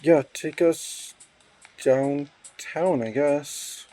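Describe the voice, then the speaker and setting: A man's voice: a little high, extremely slow, warm tone, faint music behind. A man reading a text game aloud as he plays, thinking aloud with hesitant fillers. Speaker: player.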